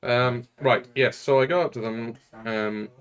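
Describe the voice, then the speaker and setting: A man with a mid-range voice plays his character at the table, chatty and playful. He talks loosely, with ums and quick asides. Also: medium pitch, steady tone, a bit bright. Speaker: player. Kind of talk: tabletop role-play chat.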